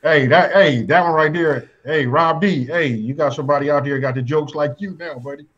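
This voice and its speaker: A man's voice: a little high, fairly quick. A man co-hosting a live online talk show, joking and calling out to viewers. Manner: joking, shout-outs to viewers. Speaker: co-host. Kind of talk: casual live-stream chat. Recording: dull lo-fi line.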